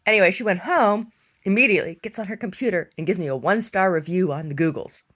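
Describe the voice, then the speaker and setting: A woman artist who owns a gallery tells a story casually, animated and sardonic, acting out the people involved. She has a mid-range voice and talks fast.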